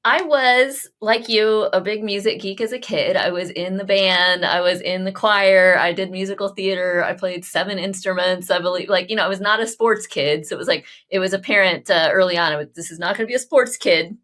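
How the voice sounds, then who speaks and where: Podcast host, woman, 40s, from Oklahoma, gushing and animated, mid-pitched. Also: brisk, hardly any pauses. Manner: animated, effusive, laughs often. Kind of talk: casual interview chat.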